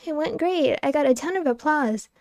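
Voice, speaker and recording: A woman doing a meek, squeaky young woman. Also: expressive, normal speed, darkish tone, no room sound. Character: timid, flustered young woman.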